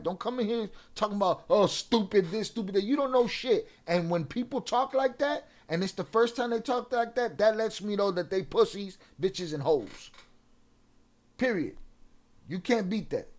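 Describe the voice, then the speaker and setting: This young man, hosting a livestream, goes off on commenters with profanity and bits of Spanish slang, talking right back to chat. His high-pitched voice is expressive and moves at normal speed.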